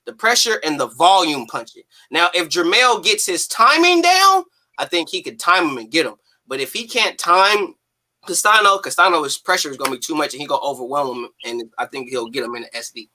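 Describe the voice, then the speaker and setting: High bright-voiced guy hosting boxing talk, slangy and emphatic. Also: animated, fairly quick. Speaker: host. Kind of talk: casual boxing talk show.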